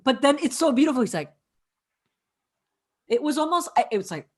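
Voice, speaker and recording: A woman's voice: sits high, fairly quick, breathy edge. A woman co-hosting a casual chat, recapping a film scene by scene, profane and acting out what the characters say. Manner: animated, profane, acts out characters' lines. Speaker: co-host.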